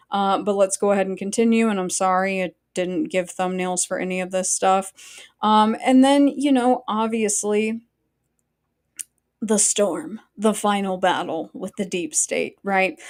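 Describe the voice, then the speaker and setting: A woman's voice: medium pitch, a little mellow. A woman hosting a live stream, chatting casually and bluntly with her viewers, swearing freely and wandering off into asides. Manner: blunt and profane, talks straight to chat; chatty asides and frequent fillers. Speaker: livestream host.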